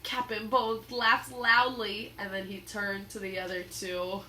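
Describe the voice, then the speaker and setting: A woman reading a children's book aloud in an expressive, dramatic storytelling manner. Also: medium pitch, a little slow, slight background noise. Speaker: storybook reader.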